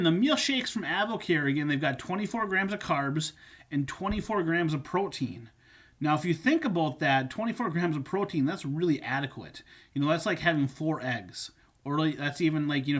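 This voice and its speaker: A man with a fairly high, slightly bright voice coaches viewers on supplements and nutrition. This fitness coach gives instructional talk casually, repeating his points and using fillers.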